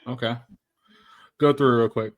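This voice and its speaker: A man's voice: mid-range voice, fairly even intonation, normal speed, narrow, tinny audio. A man co-hosting a casual anime podcast, talking emphatically and repeating himself as he argues his points. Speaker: podcast co-host.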